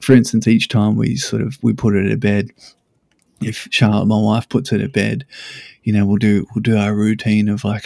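A man's voice: fairly low pitch, level tone, brisk, creaky, dark tone, no room sound. A man co-hosting a casual parenting chat, telling easygoing stories about his family. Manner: easygoing, storytelling, laughs between stories. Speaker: podcast co-host, father. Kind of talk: casual conversation.

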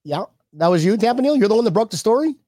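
A man's voice: sits high, big pitch swings, fast talker, warm tone, no echo, studio quality. A man co-hosting a casual sports chat show, joking and laughing often as he reads viewer comments. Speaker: podcast co-host.

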